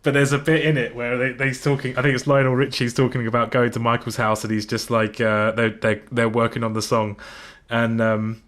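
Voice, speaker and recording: A man co-hosting a podcast, telling anecdotes in a relaxed, sweary, casual way over a video call. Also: medium pitch, brisk. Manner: laid-back, swears, tells anecdotes. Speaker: podcast co-host. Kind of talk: casual chat.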